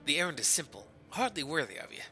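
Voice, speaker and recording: A man voicing a sly, polite Turkish shopkeeper who talks in a formal, smooth, mock-courteous way. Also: a little high, big pitch swings, fast, bright, forceful tone, slight background noise, heavily acted, rough recording.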